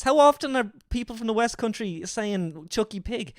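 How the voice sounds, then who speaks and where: A man's voice: high-pitched, sing-song, moderate pace, hardly any pauses, no room sound, studio quality. A man streaming a reaction to a video, riffing with incredulous, swearing commentary.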